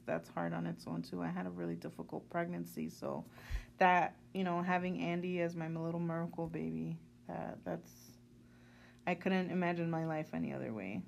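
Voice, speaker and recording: A woman in her thirties co-hosting a podcast, talking in a warm, reflective way and now and then dropping in a Spanish phrase. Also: fairly low pitch, gravelly, a little hiss or hum. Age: 30s. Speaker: podcast co-host. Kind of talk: casual chat.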